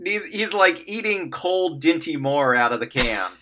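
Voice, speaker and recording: Podcast dude tossing out goofy bits, really lively voice, bright sound. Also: male voice, a little high, unhurried. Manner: playful, throws in absurd bits and laughs. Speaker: podcast co-host. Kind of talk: casual comedic chat.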